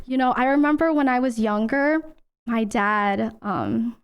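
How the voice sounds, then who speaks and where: A young woman streamer talking candidly in halting casual chat, full of fillers and tearing up at times. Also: on the high side, expressive, clear, resonant tone, lo-fi sound.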